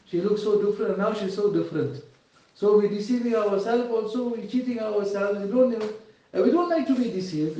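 A man's voice: sits high, mellow. A man preaching an earnest, pleading sermon with English, recorded from a distance in a mosque hall. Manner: earnest, pleading, rising and falling emotion. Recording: echoey hall from far off, dull lo-fi.

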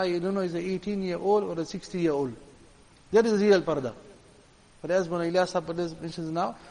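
A man's voice: sits high, a little mellow, long reverb tail, rough recording. A man preaching a sermon in an earnest, emphatic way, hammering home points with repeated phrases. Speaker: religious preacher.

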